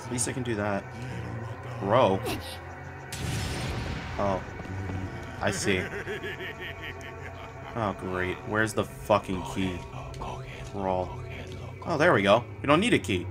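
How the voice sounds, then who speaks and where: A man with a fairly low voice talks through a gameplay session, cursing and blurting out reactions as he goes. Faint game music sits behind him. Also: lively intonation, slow, pauses often. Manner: swears often, blurts out reactions. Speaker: gameplay streamer. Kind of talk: profane casual gameplay commentary.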